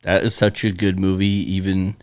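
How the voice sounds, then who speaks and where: Low-voiced man, casual podcast co-host. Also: flat delivery, moderate pace, smooth, no echo, studio quality. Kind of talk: casual chat. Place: Bismarck, North Dakota.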